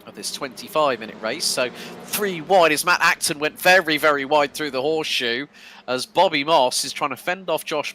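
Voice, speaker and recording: A man commentating a sim racing broadcast, calling the action quickly with casual fillers between remarks. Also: on the high side, a little hiss or hum. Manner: fast, excitable play-by-play with fillers.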